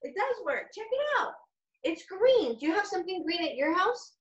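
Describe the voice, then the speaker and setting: A bright, high-voiced woman runs a playful bilingual music class for young kids, coaxing them to join in and sing along. She streams from a roomy, echoey space at home, with guitar and keyboard playing clearly behind her. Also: big pitch swings, normal speed, far from the mic, dull audio. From Los Angeles. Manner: upbeat, coaxing, switches between English and Spanish. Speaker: children's music educator. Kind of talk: bilingual kids' music lesson, talking and singing.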